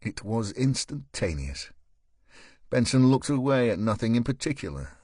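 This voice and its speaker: A male narrator reading a crime thriller audiobook in a measured, even manner. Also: medium pitch, slightly rough, dry recording, studio quality. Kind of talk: scripted narration.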